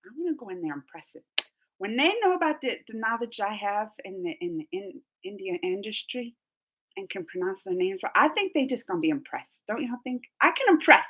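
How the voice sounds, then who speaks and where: A woman's voice: medium pitch, very animated, brisk, a bit bright. A young woman hosting a casual live stream, chatting and giggling as she reads out viewer comments. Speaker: reaction channel host.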